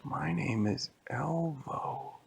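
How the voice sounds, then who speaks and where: A man voicing a mischievous boy character in a softly whispered bedtime-style story. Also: medium pitch, extremely slow, vocal fry, noisy background, pitched above the performer's own voice, exaggerated voice. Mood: eager.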